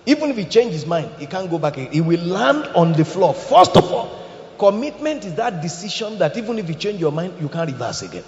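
A male preacher with a high, lively voice that swoops up and down as he tells stories and quizzes his congregation. His sermon echoes through a large hall with a long reverb, and the sound is slightly dull. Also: brisk. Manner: animated storytelling, asks the congregation questions.

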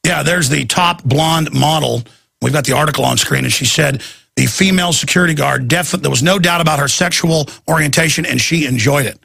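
Raspy, forceful man ranting as host. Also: a little high, a little fast, dry recording, studio quality. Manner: rambling, excitable, frequent restarts and stammers; slips into mocking voices for quotes. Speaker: talk show host. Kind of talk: ranting talk show monologue.

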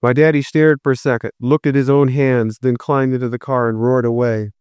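A man narrating a first-person story in a steady, reflective read. His voice is smooth and clear, and the recording is dry and close. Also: medium pitch, a little fast, dry recording. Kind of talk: scripted narration.

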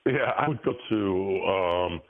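A man's voice: sits low, takes it slowly. A man in his sixties telling stories on a call-in talk show, with many restarts and fillers. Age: 60s. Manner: animated storytelling with frequent restarts. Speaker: guest. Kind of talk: casual interview talk. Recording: tinny phone-line audio.

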